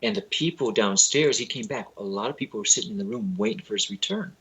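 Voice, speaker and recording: Husky, forceful male storyteller. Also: on the low side, fast talker, rough recording. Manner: animated storyteller who acts out the people he quotes, loose grammar. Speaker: spiritual teacher, interview guest. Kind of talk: telling anecdotes in a casual interview.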